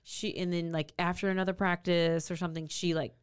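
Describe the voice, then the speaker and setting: A woman's voice: on the low side, a little fast, clean tone. A woman co-hosting a podcast, telling a true crime story in casual chat and acting out the people's lines. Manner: animated storytelling, acts out characters' lines.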